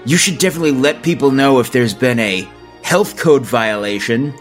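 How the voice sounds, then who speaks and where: Sly mischievous druid played by a man, dry delivery, mid-pitched, faint music. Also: moderate pace, close to an everyday voice. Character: sly male druid turned rat.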